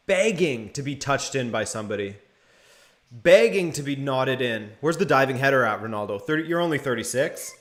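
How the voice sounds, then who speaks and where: Hosting a live match watch-along, this young man mixes laid-back play-by-play with responses to his chat. He talks at a normal speed in a medium-pitched voice.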